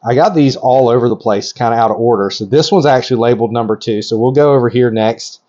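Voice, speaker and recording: A middle-aged man hosting a vlog, giving hands-on commentary in an excitable, rambling way that keeps interrupting itself. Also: medium pitch, fast. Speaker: reptile breeder host. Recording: slightly dull lo-fi audio.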